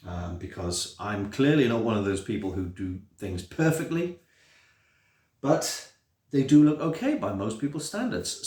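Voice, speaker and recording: A man's voice: medium pitch, a little mellow. A middle-aged man with a British accent, chatting casually through a build vlog in a rambling, self-deprecating way, full of fillers and restarts. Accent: British English. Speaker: maker vlogger. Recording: roomy, mic at a distance.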